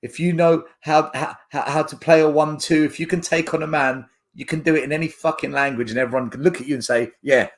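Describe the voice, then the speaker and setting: A man's voice: fairly high pitch, fairly even intonation, quick pace, few pauses. A man co-hosting a casual football podcast, emphatic and sweary, with frequent laughter. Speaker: podcast co-host, youth football coach.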